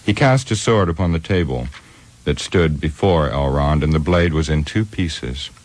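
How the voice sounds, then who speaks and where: Man with an extremely deep voice. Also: moderate pace. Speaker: narrator. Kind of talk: audiobook reading.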